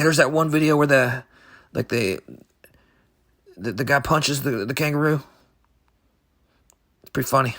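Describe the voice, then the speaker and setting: Man, gravelly voice, halting, rambling, deadpan absurd podcast chat. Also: mid-range voice. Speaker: podcast co-host. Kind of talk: improvised comedy chat.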